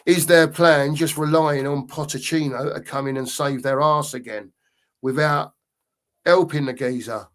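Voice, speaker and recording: Middle-aged bloke rambling live on his fan stream, chatty, reads out the comments. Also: fairly high pitch. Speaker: fan channel co-host. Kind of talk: casual live-stream chat.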